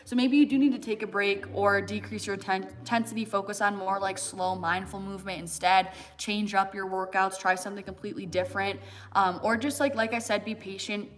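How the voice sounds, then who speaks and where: A woman's voice: medium pitch, fairly even intonation, a little fast, a bit bright. A young American woman in her twenties hosting a livestream, chatting casually and answering viewer questions with lots of fillers. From United States. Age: 20s. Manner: chatty, many fillers and "like", laughs often. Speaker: fitness livestream host.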